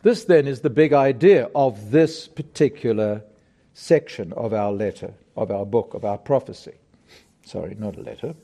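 A middle-aged man preaching a sermon, emphatic and deliberate, putting rhetorical questions to his congregation. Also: on the low side, expressive, warm tone.

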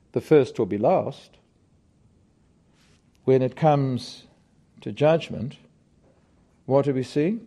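A middle-aged man preaching a sermon, emphatic and deliberate, putting rhetorical questions to his congregation. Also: on the high side, dark tone.

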